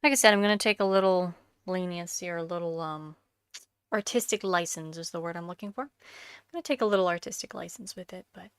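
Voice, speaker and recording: A congested, coughing woman chats casually while narrating her sculpting as a vlogger, searching for words and now and then dropping into whispers. Her voice is lowish, fast, clear, and resonant, recorded dry.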